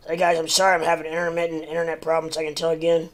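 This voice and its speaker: A man's voice: fairly high pitch, completely flat delivery, rapid-fire. An American man chatting casually on a livestream, rambling with lots of fillers and restarts, and talking to his dog in between. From United States. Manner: talks to his dog mid-stream. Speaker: crypto livestream host.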